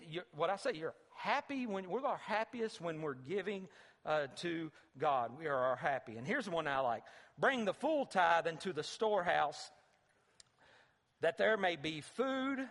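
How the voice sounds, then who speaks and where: A high-pitched male pastor delivers a conversational sermon in a church sanctuary. He repeats his key phrases and breaks into emphatic, rising bursts, and his voice carries a long reverb off the hall walls. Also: a bit bright.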